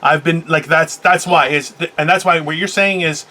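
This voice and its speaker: A man in his forties holds forth in casual talk-show chat, blunt and a little preachy. His voice is bright and sits somewhat high. He tends to talk over whoever is with him. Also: fairly even intonation, moderate pace. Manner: blunt, lecturing, talks over his co-host. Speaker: co-host.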